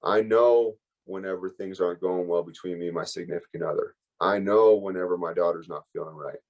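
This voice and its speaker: A man's voice: sits low, steady tone, brisk, muffled recording. A man giving a candid, emotional personal recovery share as a workshop speaker, rambling and full of fillers.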